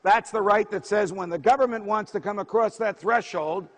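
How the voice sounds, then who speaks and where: A man's voice: high-pitched, moderate pace. A man giving a political speech, emphatic and rhetorical, lecturing a crowd. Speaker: speaker. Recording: reverberant hall.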